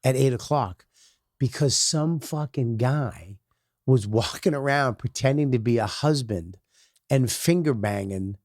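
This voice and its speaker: A comedian guest in casual podcast chat, telling stories in a profane, animated way. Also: male voice, mid-range voice, unhurried, no room sound, studio quality.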